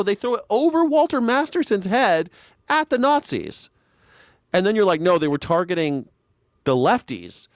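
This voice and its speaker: A man's voice: sits high, no echo, studio quality. A man hosting a live news reaction show, talking in a sarcastic, rambling way with many stumbling restarts. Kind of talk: casual political commentary.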